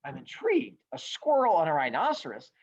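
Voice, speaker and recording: A man doing a high, whiny voice for a group of bratty, know-it-all teenagers. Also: wildly swooping pitch, a little fast, vocal fry, heavily acted. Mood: mock-excited. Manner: high, whiny, mocking delivery. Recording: dull lo-fi sound.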